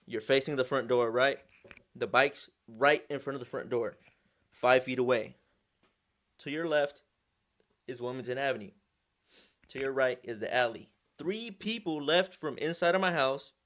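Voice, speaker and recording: Animated young man. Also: medium pitch. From Southern California. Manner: animated, slangy, frequent restarts and repeated words. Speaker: vlogger, sponsored motorcycle rider. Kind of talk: casual storytelling.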